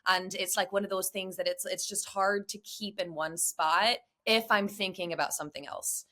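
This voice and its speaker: A young woman from Nevada, a guest in a casual interview, talking in an animated, chatty way and laughing easily. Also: mid-range voice, normal speed. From Reno, Nevada.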